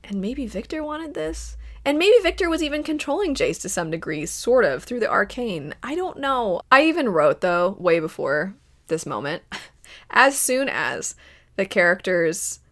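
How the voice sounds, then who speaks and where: A woman hosting her channel, giving a casual review commentary as she thinks aloud in a chatty way, with quick laughs. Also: mid-range voice, big pitch swings, fairly bright tone. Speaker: channel host reviewing a series.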